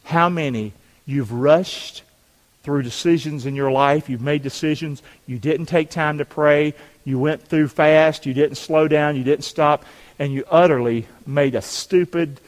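A man preaching a sermon in a church, calling for amens and rising to shouts. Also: on the high side. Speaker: pastor. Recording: long hall reverb.

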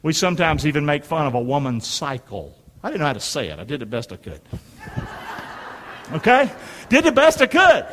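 In a church sanctuary with long hall reverb, a middle-aged pastor preaches emphatically, calling on his congregation to answer back in call-and-response. His voice is a little high and fairly bright, with a sing-song delivery at a moderate pace.

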